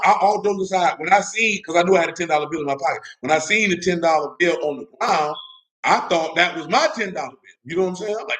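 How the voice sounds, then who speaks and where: Young man, preacher, slangy conversational sermon, slightly high voice, keeps checking in with listeners. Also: expressive, fast, a bit bright, low-quality recording. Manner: street-casual, asks "you know what I'm talking about?". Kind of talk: casual sermon with storytelling.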